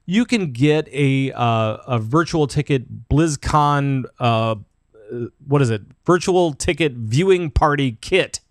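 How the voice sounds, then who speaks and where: A man chatting casually as a podcast guest, his voice mid-pitched and recorded close and dry with no room sound. He rambles through his points, full of "uh"s and quick laughs. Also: no room sound. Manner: rambling, filler-heavy, laughs easily. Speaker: guest panelist.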